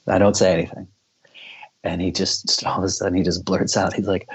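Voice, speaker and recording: Gravelly deep-voiced man telling a story. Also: little pitch movement, brisk, muffled recording. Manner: rambling, fillers and swearing. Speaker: podcast guest, band member. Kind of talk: casual storytelling.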